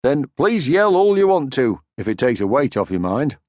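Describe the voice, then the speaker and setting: A man's voice: medium pitch, big pitch swings, normal speed, darkish tone, dry recording, lo-fi sound, natural voice. A man voicing an easygoing father troll creature in an audiobook, speaking mildly and reasonably. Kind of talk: audiobook character voice.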